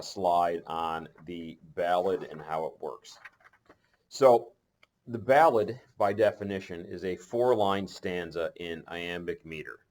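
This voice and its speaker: A male teacher giving a recorded lesson, talking in a conversational way, pausing on fillers and correcting himself as he goes. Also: low-pitched, a little mellow.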